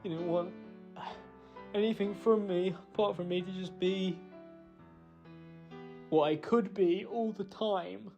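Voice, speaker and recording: A man giving an emotional, halting spoken apology. He blames himself, pauses often and restarts his sentences. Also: high voice, steady tone, creaky, a little mellow, faint music behind. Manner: halting, self-blaming, full of pauses and restarts. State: emotional, choked up. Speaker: person recording a personal apology.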